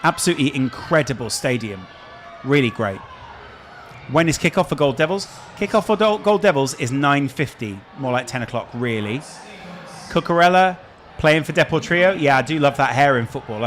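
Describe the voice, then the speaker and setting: A man's voice: mid-range voice, a bit bright, slight background noise. A man with a Scouse accent hosting a casual live stream, chatting and answering viewer questions. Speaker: streamer host.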